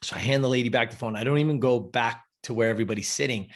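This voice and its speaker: A man's voice: mid-range voice, very fast. A man in his fifties, a podcast guest, telling a personal story in a casual, emphatic and profane way. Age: 50s.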